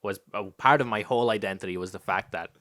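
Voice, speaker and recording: A young man in his twenties, raised in Spain, with an Irish accent that has an American tinge. He rants and swears freely on a casual podcast. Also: quick pace. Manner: animated ranting, swears freely, jumps high when exasperated. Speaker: podcast co-host.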